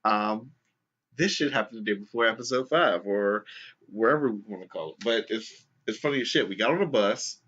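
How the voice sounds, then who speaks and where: A man's voice: lowish voice, brisk. Man, podcast co-host, casual profane storytelling, lo-fi sound. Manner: profane, animated retelling with quoted voices. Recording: dull lo-fi sound.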